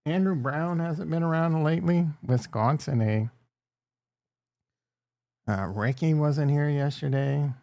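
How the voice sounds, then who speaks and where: A man's voice: a little high, measured pace, creaky, long pauses, dark tone, dry recording. A man hosting a casual livestream, rambling and crude as he jokes with his chat. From Upper Midwest. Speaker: livestream host.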